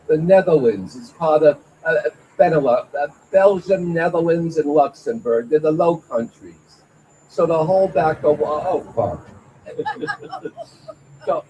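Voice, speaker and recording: A man works through an open-mic stand-up set, stammering and filling gaps with his own chuckles. He talks slowly in a fairly high voice. Faint room ambience sits behind him. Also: darkish tone, a little hiss or hum, poor audio. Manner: halting, stammering delivery with fillers and self-laughs. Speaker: stand-up comedian. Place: small venue at an open mic night.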